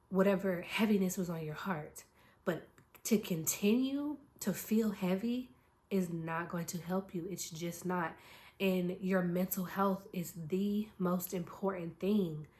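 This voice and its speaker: A woman with a somewhat low voice speaks with features. She gives a motivational talk to her viewers in an earnest, emphatic way. She keeps checking in with a quick "okay?" as she drives each point home. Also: darkish tone. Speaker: spiritual content creator.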